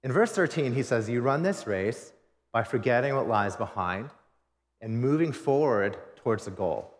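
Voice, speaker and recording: A man preaching a sermon as pastor, emphatic, swinging between forceful declarations and quiet, intimate asides. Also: medium pitch, animated, moderate pace. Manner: emphatic preaching with rising and falling intensity. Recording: long reverb of a large hall.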